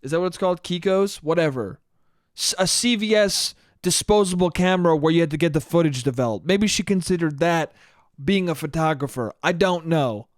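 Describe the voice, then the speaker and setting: A man hosting a solo podcast, retelling a story in a casual, profane and animated way. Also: a little high, fairly quick, no room sound, studio quality. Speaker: podcast host.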